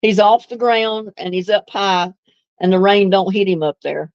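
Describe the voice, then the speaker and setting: A woman's voice: mid-range voice, moderate pace, no echo, highs cut off. A woman hosts a casual live stream, chatting easily with viewers and laughing often. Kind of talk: casual live chat answering viewer comments.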